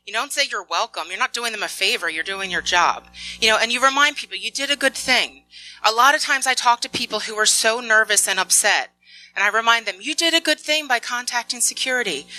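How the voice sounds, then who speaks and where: Bright-voiced woman telling security stories. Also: a little high, a little fast, soft background music, poor audio. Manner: lively anecdotal storytelling, acts out dialogue. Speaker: information security analyst. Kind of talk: storytelling conference talk.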